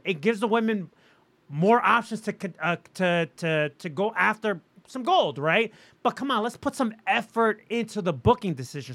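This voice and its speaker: A man's voice: high voice, a bit bright. A man co-hosting a casual wrestling podcast, opinionated and emphatic, swearing freely as he rants about booking. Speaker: podcast co-host.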